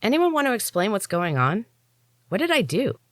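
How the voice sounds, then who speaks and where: A woman's voice: lowish voice, very animated, quick pace, no room sound, studio quality, voice pushed up. Lady voicing a tight whiny confused young heroine, storybook read. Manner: tight, pleading, bewildered. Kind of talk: audiobook reading.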